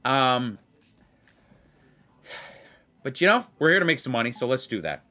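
A casual, excitable man chats as he plays blackjack, calling out to his viewers and repeating his excited remarks. His pitch rises and falls widely as he talks. He stays at an ordinary, middle pitch for a man. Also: a little slow. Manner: excitable, repeats himself, addresses viewers as players. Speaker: blackjack video host. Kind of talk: casual chat while playing blackjack.

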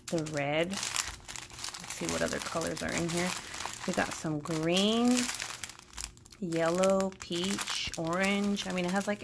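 A woman with a lowish, gravelly voice talks through an unboxing in a loose, chatty way, full of fillers. Loud crinkling and rustling of packaging sits right under her voice. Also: background noise. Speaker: crafting vlogger. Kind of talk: casual unboxing chat.

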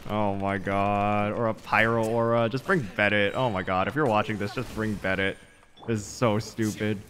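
A man's voice: lowish voice, fairly even intonation, normal speed, a bit bright. A tired man giving live gameplay commentary as a channel host, ranting in frustration and swearing.

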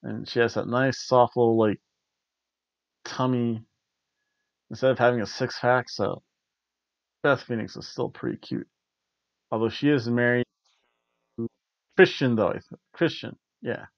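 A man's voice: medium pitch, fairly even intonation, measured pace, vocal fry, pauses often, no echo, highs cut off. A man hosting a casual spoken review. He rambles, corrects himself and chuckles often. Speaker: host of a wrestling review show.

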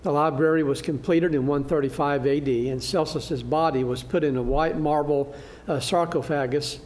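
Guy teaching a church class through slides, voice a bit on the high side, lots of uhs and restarts, faint hum behind him. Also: steady tone, a little mellow. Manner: halting, frequent "uh" fillers and restarts; good-humored, laughs at his own slip.

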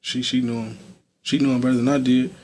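Fast and a bit mellow, this medium-pitched male voice barely shifts in pitch. He's a young adult guest in a street interview, chatting casually and loosely with plenty of fillers like "you feel me."

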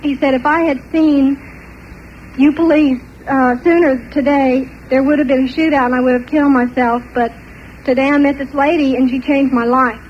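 An older woman telling a personal story in an animated way, often laughing between parts of it. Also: high-pitched, normal speed, dull audio, a little hiss or hum. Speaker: testimony speaker.

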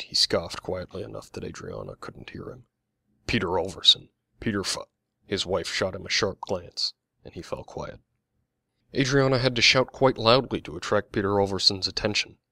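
A man narrating his own mystery novel as an audiobook, in a steady, plain storytelling manner. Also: deep voice, dry recording, studio quality.

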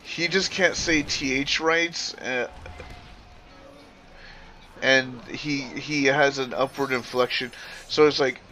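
A man ranting casually to his stream chat, slow and drawn out, with a bright, forward tone. He rambles, swears and corrects himself mid-sentence. A faint hiss of noise sits underneath. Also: mid-range voice. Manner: animated, profane, rambling with self-corrections.

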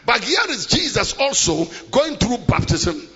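A middle-aged man preaching a sermon in a large church hall, swinging between shouted declarations and hushed, low-voiced passages. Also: very animated, a little slow, slightly rough, soft background music. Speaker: pastor. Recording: muffled live church recording with long reverb.

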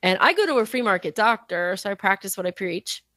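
A woman chatting on a podcast in a lively, animated way, laughing often and acting out what others said. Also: medium pitch, brisk, no echo. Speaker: podcast guest. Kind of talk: casual podcast chat.

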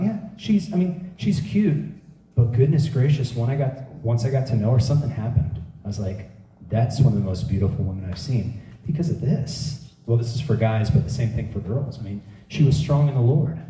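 Dark-voiced male preacher in an echoey room. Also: medium pitch. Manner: animated storytelling preacher acting out quotes. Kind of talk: sermon. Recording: echoey room heard from a distance.

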